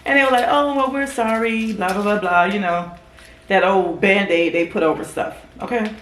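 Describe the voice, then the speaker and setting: An animated woman chatting to her camera in a casual storytime vlog, acting out the people in her story. Her voice sits mid-range and bounces off the walls of an echoey room, with a faint hiss behind it. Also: normal speed. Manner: animated storyteller, acts out quotes in a higher voice. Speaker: vlogger.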